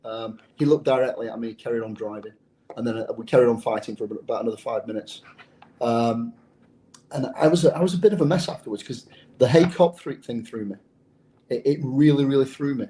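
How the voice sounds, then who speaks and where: A man's voice: mid-range voice, brisk, mellow, rough recording. An English man who is a former undercover police officer, telling a story in an interview in a blunt, profane way. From England.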